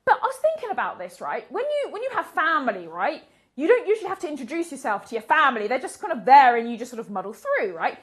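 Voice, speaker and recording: Young UK woman, comic storyteller, high and very expressive, laughs through her lines. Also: fast talker. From United Kingdom. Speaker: comedian guest.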